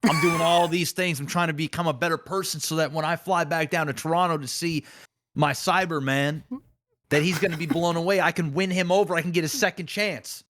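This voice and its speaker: A man co-hosting a casual gaming podcast, telling an animated story that acts out a made-up scenario. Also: fairly high pitch, fairly quick. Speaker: podcast co-host.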